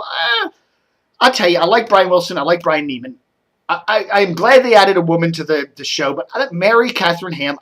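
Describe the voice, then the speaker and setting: Give me a middle-aged man doing casual solo commentary, rambling and heated at times. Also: sits high. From Washington DC area. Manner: rambling, full of fillers, animated when riled. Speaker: media commentary vlogger.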